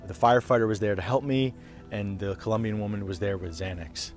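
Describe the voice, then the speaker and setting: Young male vlogger, lowish voice, blunt and emotional, hushed-to-loud storytelling, soft music underneath. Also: brisk. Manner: raw, emotional, swearing, dips to hushed then rises loud. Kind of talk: casual storytelling to camera.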